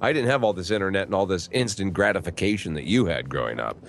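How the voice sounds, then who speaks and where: A man's voice: sits low, animated, quick pace, creaky, a little hiss or hum. An older man, a voice actor guest, chatting in a jokey, irreverent way and swearing freely. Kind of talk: casual podcast chat.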